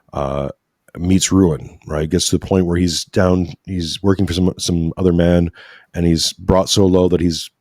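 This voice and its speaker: A podcast guest with a low, slightly mellow voice talks earnestly and preachily about faith in a conversational religious discussion. He often tacks "right?" onto his points and grows emotional at times; the sound is clean studio with no room sound.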